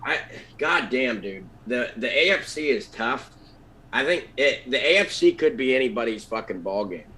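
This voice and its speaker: A man's voice: mid-range voice, expressive, normal speed, pushed and bright, a little hiss or hum. A man with a Pittsburgh accent on a sports podcast, rambling and hesitant with crude language. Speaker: podcast co-host. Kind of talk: casual sports chat.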